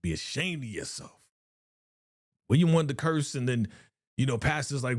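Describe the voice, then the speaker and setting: A man's voice: medium pitch, moderate pace, pauses often, no echo, studio quality. A man hosting a live reaction stream in a casual, slangy way, repeating phrases and sighing often. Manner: animated, slangy, repeats phrases, frequent sighs.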